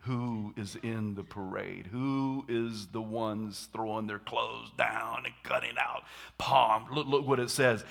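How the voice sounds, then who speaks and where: Animated husky male preacher. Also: medium pitch, slow pace. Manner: animated, acts out scenes, shouts dramatically. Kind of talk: sermon.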